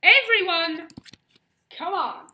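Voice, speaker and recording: A young woman voicing an excitable young musketeer lady, high and bouncy, swinging from shrieks to whispers in an improvised game role-play. Her voice is bright and keen, with a lively, leaping pitch. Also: takes it slowly, heavily acted. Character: Milady de Winter, excitable young female musketeer. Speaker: player voicing a musketeer in an online animal game.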